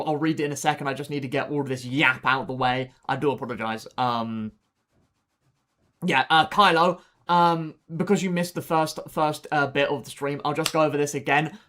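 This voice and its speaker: Tired streamer guy, kinda high voice, rambly and exasperated, explaining routes to his team. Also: fairly bright tone. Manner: rambling, exasperated, giving step-by-step directions. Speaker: game streamer. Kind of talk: live gameplay commentary.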